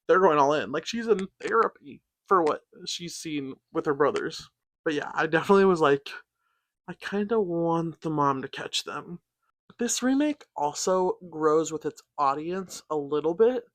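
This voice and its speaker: A chatty man with a fairly high voice gives a casual, upbeat review of a cartoon, saying "like" between thoughts. The sound is close and dry, with no room echo. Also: a bit bright. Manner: chatty, upbeat, says "like" often. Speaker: show reviewer.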